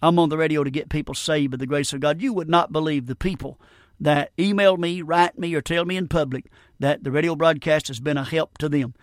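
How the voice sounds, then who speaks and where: Fervent high-voiced older preacher. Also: male voice, steady tone, fairly quick, no echo, studio quality. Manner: fervent, repeats "Amen" often. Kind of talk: sermon.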